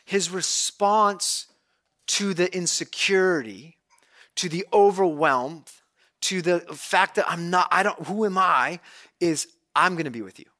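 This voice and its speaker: A male pastor giving a conversational, animated sermon, retelling scripture as a story. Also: high voice, slow.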